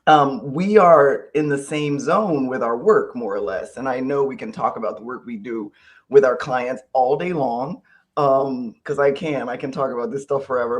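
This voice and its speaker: A man's voice: medium pitch, moderate pace. A man hosting an interview podcast, leading in with fillers and friendly asides. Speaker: podcast host. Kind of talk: conversational interview.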